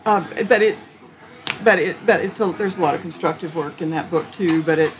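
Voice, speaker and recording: A woman theologian answering interview questions in a thoughtful, halting way, with frequent restarts and light laughter. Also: on the low side, background noise. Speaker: theologian guest.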